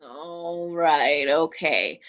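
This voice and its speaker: A woman's voice: deep voice, very slow. Upbeat woman hosting a webinar. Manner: upbeat, chatty, enthusiastic. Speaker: webinar host. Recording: slightly dull lo-fi sound.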